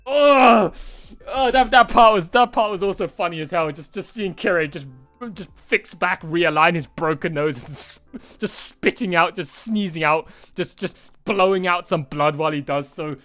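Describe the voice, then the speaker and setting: Excitable, rambling man reacting to a movie. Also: sits high, normal speed, no room sound, soft background music. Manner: excited, rambling, swears often, many restarts. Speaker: reaction channel host. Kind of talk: casual movie reaction chat.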